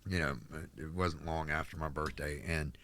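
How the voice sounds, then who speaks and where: A man from North Carolina telling a candid personal story as a podcast guest, halting with restarts and fillers. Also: very deep voice, fairly even intonation, sharp tone. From North Carolina, United States.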